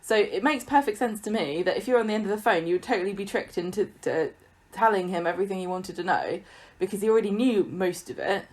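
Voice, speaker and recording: A woman at middle pitch, talking casually but insistently, like she won't be argued out of it. Her delivery is blunt and emphatic, with a conversational podcast feel. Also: fast talker, hardly any pauses, darkish tone. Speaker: podcast co-host. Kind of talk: casual chat.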